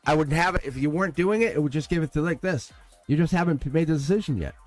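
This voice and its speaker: Male tarot streamer, slightly high voice, excitable and profane, soft music underneath. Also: fast talker, no echo. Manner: excitable, swearing, laughing often. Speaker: tarot reader. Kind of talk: live-stream tarot reading.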